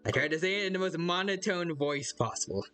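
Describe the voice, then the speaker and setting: A man's voice: high voice, expressive, a little fast, a bit bright, soft background music. A man chatting casually on a live stream while playing a game, rambling and hesitant, reading out viewers' chat and greeting them by name.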